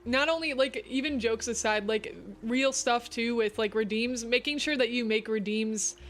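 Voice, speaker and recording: A woman's voice: a little high, normal speed. A young woman streamer chatting casually, filling her talk with "like.". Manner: chatty, says "like" a lot. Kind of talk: casual chat.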